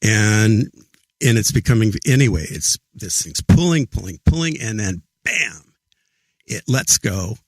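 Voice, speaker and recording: A middle-aged man, a podcast guest, earnestly recounting a personal story in a halting way, often repeating his words. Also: fairly low pitch, lively intonation, breathy edge, no echo. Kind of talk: casual storytelling interview.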